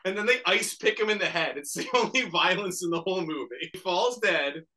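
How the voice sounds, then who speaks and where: A drunk young man tells a film's plot in a comedy bit, his voice high-set and bright. He stumbles, restarts and giggles as he goes. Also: a little fast, a little hiss or hum. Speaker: comedy performer. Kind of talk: comedic drunk recap of a movie.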